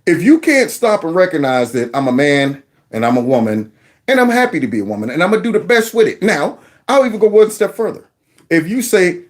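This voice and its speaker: A man hosting a video commentary, reacting to clips in an animated, sarcastic, conversational way. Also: high voice, brisk. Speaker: host.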